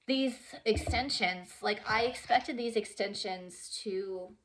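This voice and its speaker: A young woman talking earnestly and haltingly about her own experience, with many pauses and fillers and some softly whispered words. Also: medium pitch. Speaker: vlogger sharing her story. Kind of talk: emotional personal storytelling.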